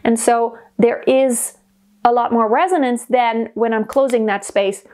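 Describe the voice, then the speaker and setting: A woman voice teacher explaining singing technique clearly, step by step, in a lesson. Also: on the high side, unhurried, a little mellow.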